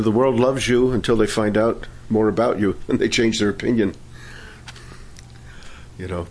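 Slow, fervent male pastor. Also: lowish voice, breathy edge. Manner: slow, fervent praise and gentle preaching. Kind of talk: sermon.

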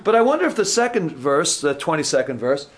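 A male preacher with a fairly high voice gives an informal sermon to a gathered congregation. He talks in a loose, chatty way, repeating words and correcting himself. He keeps turning to the room with questions. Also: big pitch swings, fairly quick.

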